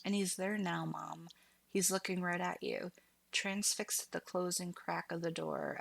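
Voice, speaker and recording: A woman with a low, gravelly voice narrates a horror story in a hushed tone that keeps dropping into a whisper. The recording is close and dry, with no room sound around her. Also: no room sound.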